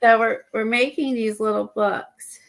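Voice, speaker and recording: A woman chatting casually on an art livestream, a little out of breath and stuffy, rambling with halting fillers and restarts. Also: on the high side, fairly even intonation. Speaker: guest showing art supplies.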